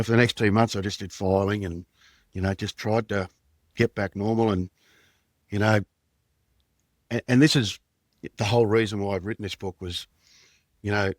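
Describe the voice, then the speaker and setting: Australian man, low voice, dry sound. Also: fairly even intonation, normal speed, pauses often, no room sound. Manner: plain-spoken, rambling recollection with slang. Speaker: podcast guest, former undercover detective. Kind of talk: candid storytelling in conversation.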